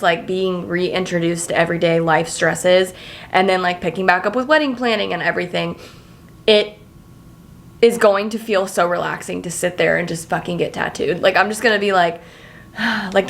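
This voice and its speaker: Chatty, excitable young woman vlogging. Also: mid-range voice. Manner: chatty, swears freely, filler-heavy, excitable. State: emotional, near tears. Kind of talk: casual vlog chat to camera.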